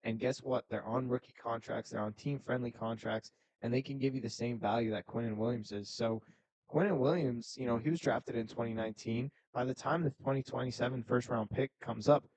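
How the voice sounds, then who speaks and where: Guy on a sports podcast, steady voice, dry close mic, talking it through. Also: medium pitch, a little fast, no room sound, low-quality recording. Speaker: podcast co-host. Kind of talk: casual sports talk.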